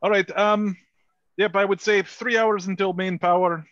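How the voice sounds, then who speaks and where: A man playing a chief engineer in a tabletop game, reporting in a measured, officer-like way with fillers. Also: high voice, fairly even intonation, fairly bright tone, dry recording, muffled recording. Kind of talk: tabletop role-play.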